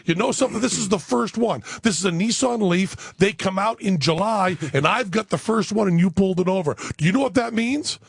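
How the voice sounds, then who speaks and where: Man, high pitch, gravelly and husky, mock-earnest comic storyteller on talk radio, dry close mic. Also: fairly quick, hardly any pauses, dry recording. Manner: mock-earnest, chatty, acts out both sides of dialogue. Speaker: studio guest. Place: radio studio.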